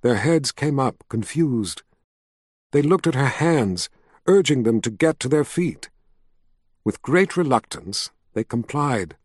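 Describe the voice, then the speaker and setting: This is scripted narration of a fantasy novel by a male audiobook narrator whose delivery stays even and deliberate. The mid-pitched voice is captured at studio quality with no echo.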